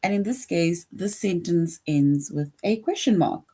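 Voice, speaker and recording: A woman's voice: on the low side, animated, unhurried, dark tone, husky. A woman teaching a grade school grammar lesson, patient, repeating each point and often checking in with "right?".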